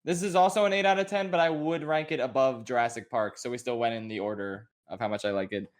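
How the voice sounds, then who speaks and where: A young man co-hosting a podcast, chatting casually about movies in an animated, incredulous way with frequent laughs. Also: mid-range voice, quick pace. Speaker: podcast co-host. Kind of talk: casual movie review chat.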